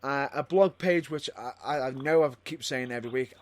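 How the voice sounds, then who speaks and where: A man's voice: medium pitch, a little fast, few pauses, a little hiss or hum. A man co-hosting a wrestling podcast in a casual, rambling way, often repeating himself and restarting lines. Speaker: podcast co-host.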